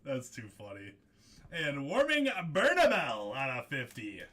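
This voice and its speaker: A man hosting a live card break, excitable and jokey, laughing often as he calls out hits. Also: medium pitch, measured pace. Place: studio.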